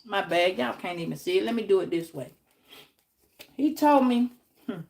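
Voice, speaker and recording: A woman's voice: medium pitch, animated, moderate pace, long pauses. A woman tarot reader telling a story in a casual, emphatic way. She repeats her points and swears freely.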